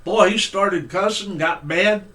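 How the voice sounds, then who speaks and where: A middle-aged male preacher telling a personal story in a folksy, conversational sermon, with fillers and pauses. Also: sits high, pushed and bright.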